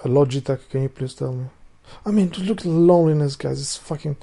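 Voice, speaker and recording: Rambling man, mellow voice. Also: fairly high pitch, fast, creaky. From Albania. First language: Albanian. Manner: rambling, profane, loses his thread and restarts sentences. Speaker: vlogger. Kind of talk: casual rambling monologue.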